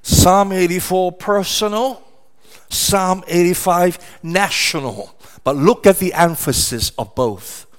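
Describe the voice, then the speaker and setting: A man's voice: high-pitched, slow pace. A middle-aged man preaching a sermon, emphatic and repetitive, asking rhetorical questions and answering them.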